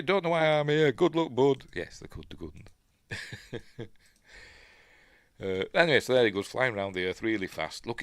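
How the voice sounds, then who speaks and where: A man's voice: on the low side, a bit bright, no room sound, studio quality. A man with a Yorkshire accent giving a casual, rambling review while watching a film, full of fillers and chuckling asides. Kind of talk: casual commentary over a film.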